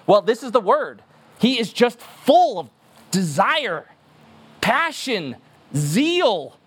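A man's voice: sits high, sing-song, unhurried, fairly bright tone. A man preaching a sermon as pastor, emphatic and earnest, repeating words for stress.

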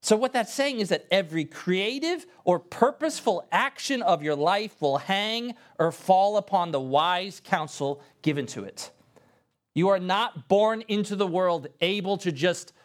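A male pastor preaching a sermon in an earnest, emphatic way, talking straight to his congregation and lifting his voice for stress. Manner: earnest, emphatic preaching with sudden rises in pitch and pace; addresses the congregation directly and conversationally.

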